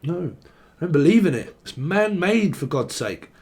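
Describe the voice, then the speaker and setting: A man's voice: a little high, sing-song, moderate pace, darkish tone, slight background noise. A man giving a casual tarot reading who rambles playfully, acts out quoted voices and swears freely. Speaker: tarot reader.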